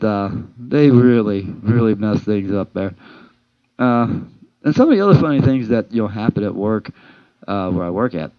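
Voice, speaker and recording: A man's voice: fairly low pitch, dry recording. Rambling man telling work stories. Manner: rambling, many fillers and restarts, acts out dialogue. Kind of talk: casual storytelling monologue. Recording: dull lo-fi homemade recording, dry.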